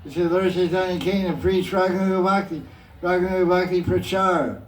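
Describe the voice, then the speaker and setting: A man's voice: high voice, fairly even intonation, a little fast. An older man leading a spiritual question-and-answer talk, joking with playful asides and chuckles. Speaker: spiritual teacher. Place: hall with devotees. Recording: echoey room from far off.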